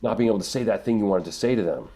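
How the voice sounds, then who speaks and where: A middle-aged man, a voice actor, answering interview questions in an earnest, emotional way, often pausing and restarting. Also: on the low side, dark tone. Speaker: voice actor guest.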